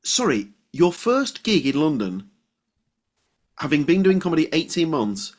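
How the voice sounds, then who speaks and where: A man's voice: a little high, very animated, a little slow. A middle-aged man hosting a podcast, reacting with enthusiasm and stumbling over his words in casual chat. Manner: enthusiastic, apologetic, stumbling restarts. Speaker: podcast host.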